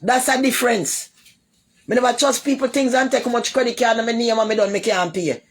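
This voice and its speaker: A woman's voice: a little high, fairly even intonation, fairly quick. A woman with a Jamaican accent talking live to her viewers in a casual rant. She rambles and repeats herself, and she answers commenters with blunt insults. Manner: rambling and repetitive, loops back over the same points. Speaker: livestreamer.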